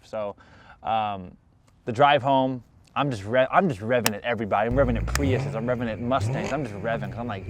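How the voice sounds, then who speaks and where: A man telling a personal car story in an animated vlog, acting out every side of the exchanges and mocking himself. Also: a little fast. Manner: self-mocking, jumps in pitch when excited.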